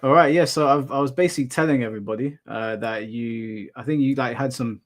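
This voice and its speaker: A young man hosts a live stream in a loose, rambling way, with an average pitch. He drifts from story to story with casual swearing along the way. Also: fairly quick. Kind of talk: casual chat with viewers.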